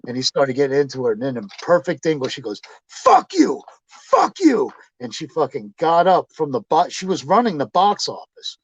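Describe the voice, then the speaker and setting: A man's voice: mid-range voice, expressive, fairly quick, hardly any pauses, dry recording. A man telling rambling, profane anecdotes in casual chat, laughing as he goes. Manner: rambling, swearing, laughing storyteller. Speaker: storytelling guest. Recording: dull lo-fi dry sound.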